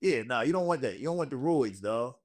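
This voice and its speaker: A man's voice: mid-range voice, expressive, fairly quick, darkish tone. A young man, a comedian hosting a casual podcast, telling profane stories with bursts of put-on voices. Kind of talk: casual storytelling chat.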